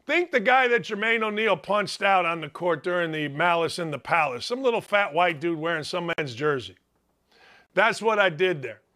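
A man hosting a sports talk show, delivering an opinionated monologue with brash, emphatic outbursts and quieter, earnest stretches. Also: high-pitched. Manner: brash, emphatic, bursts into loud exclamations; turns quiet and earnest on serious subjects.

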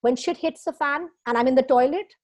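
A woman's voice: high-pitched, brisk. A woman guest in a casual interview, talking expressively with frequent fillers and laughs. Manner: expressive, emotional, laughs often, many fillers.

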